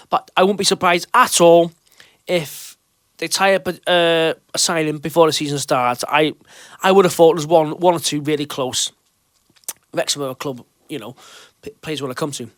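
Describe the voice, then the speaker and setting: A podcast host whose voice sits high and sounds a little bright chats through his fan show, reading questions and putting listeners at ease with loose restarts. The studio sound is clean and echo-free.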